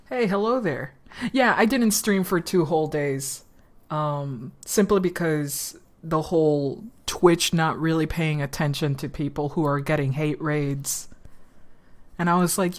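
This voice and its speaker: A woman's voice: sits low, measured pace. A woman streamer, chatting casually and swearing freely as she drifts between topics. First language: Spanish.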